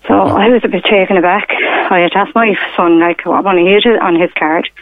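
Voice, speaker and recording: A middle-aged woman calls in over a tinny, narrow phone line. She tells her story haltingly, leaning on fillers and retold quotes, and the line sounds dry and close. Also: fairly low pitch, fairly even intonation, dry recording. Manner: rambling, hesitant, many fillers and retold quotes. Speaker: caller. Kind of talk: telling a personal story on a radio phone-in. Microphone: telephone.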